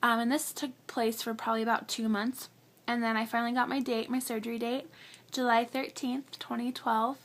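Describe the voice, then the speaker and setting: A woman's voice: a little high, flat delivery, a little fast, fairly bright tone. A young woman vlogger telling a personal story in a chatty, earnest way, filling her talk with "like" and getting emotional. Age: young adult. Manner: chatty, heavy use of "like", earnest; emotional, close to tears.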